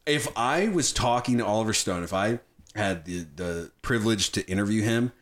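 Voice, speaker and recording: On his podcast, a man with a lowish voice talks about movies at a normal speed, sounding casual, enthusiastic, and animated while cursing freely.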